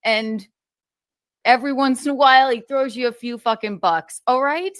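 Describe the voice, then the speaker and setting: A woman's voice: high-pitched, moderate pace, dry recording, clean studio sound. Exasperated, foul-mouthed woman streamer. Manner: exasperated, swears often. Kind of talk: casual defensive monologue.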